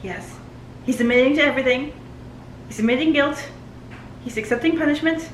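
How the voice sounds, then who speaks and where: A woman reacting to and reviewing a TV series, excitable, talking back to the screen and laughing often. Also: high-pitched, normal speed, reverberant, slight background noise, poor audio.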